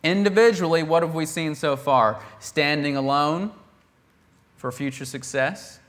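Animated male preacher, conversational. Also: on the high side, unhurried. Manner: animated, acts out the quoted characters with bursts of volume; conversational, with laughs and restarts. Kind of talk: sermon.

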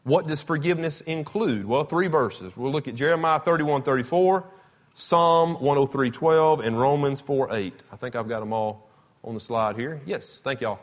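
A man's voice: medium pitch, moderate pace. A man teaching a Bible lesson, talking informally and acting out the scripture stories with emphasis. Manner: conversational, emphatic, retells scripture with animated quotes. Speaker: preacher. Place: church or classroom with slides.

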